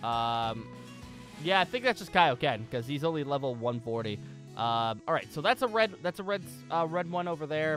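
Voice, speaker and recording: A man's voice: medium pitch, a bit bright. A man casually commentating while he plays a video game, rambling and thinking aloud with frequent restarts. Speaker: gaming channel host.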